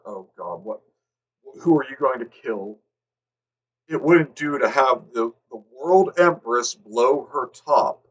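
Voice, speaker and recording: Hosting a livestream, a man reads a fanfic aloud as a comedic dramatic reading, exasperated, swearing and breaking into laughter. His medium-pitched voice has lively intonation and a slow pace, and the recording is rough.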